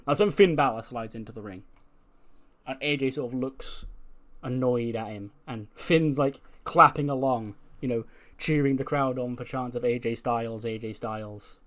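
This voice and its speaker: A man's voice: mid-range voice, moderate pace, a bit bright. A man casually narrating a game playthrough in a chatty way, full of fillers. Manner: chatty, filler-heavy, laughs at own jokes. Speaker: let's play narrator.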